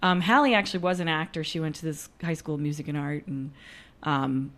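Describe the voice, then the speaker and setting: A woman's voice: low voice, a little fast, fairly bright tone. A woman who performs as a storyteller, chatting casually about her show and acting out quoted lines with animation. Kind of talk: casual conversation.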